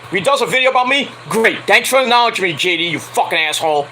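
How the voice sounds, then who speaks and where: A man's voice: sits high, animated, fast talker, bright, forceful tone, a little hiss or hum, low-quality recording. Profane fired-up man ranting late at night. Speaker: wrestling reviewer and streamer.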